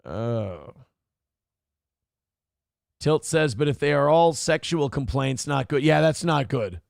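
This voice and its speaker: Gravelly, crude male show host. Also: medium pitch, lively intonation, takes it slowly, darkish tone, dry recording, clean studio sound. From Minnesota, USA. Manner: crude, irreverent, rambling. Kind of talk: casual commentary reading live chat.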